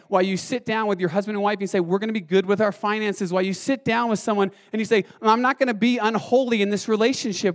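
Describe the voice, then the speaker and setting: A young man preaching with a high, light voice. His delivery is animated: he rushes and raises his voice, then drops to a slow, near-hushed tone. He speaks casually, as if talking straight to his congregation. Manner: animated, swings from fast and loud to quiet and slow. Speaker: pastor. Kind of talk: sermon.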